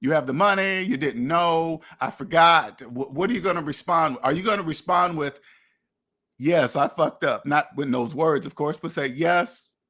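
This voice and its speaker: Blunt and preachy, a male finance podcast host lectures in a casual monologue, acting out imagined dialogues and sometimes cursing. His voice sits on the high side, fairly bright in tone, at a normal speed.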